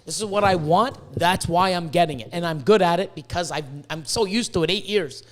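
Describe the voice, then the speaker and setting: A man hosting a casual podcast, rambling and swearing as he tells animated stories, hot and sweating in his room. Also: sits high, a little fast. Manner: profane, rambling, animated storytelling. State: sweating, overheated. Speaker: podcast host, reptile breeder. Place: hot indoor room with a fan.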